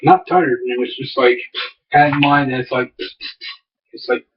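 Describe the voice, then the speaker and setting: A man chatting on a podcast, winding through a story with plenty of "uh"s and false starts. His voice sits at an ordinary pitch and sounds set back from the microphone. The recording is muffled and lo-fi. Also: steady tone, a little slow. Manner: rambling storyteller, many fillers and restarts. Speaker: podcast co-host. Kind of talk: casual chat. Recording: distant, dull lo-fi mic.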